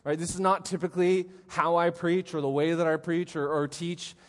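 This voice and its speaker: A middle-aged male pastor gives a relaxed, conversational sermon, telling lively stories and checking in with "right?" after many of his points. His voice sits a little high for a man. A long reverb trails behind him in the church hall. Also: moderate pace. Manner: animated storytelling, frequent "right?".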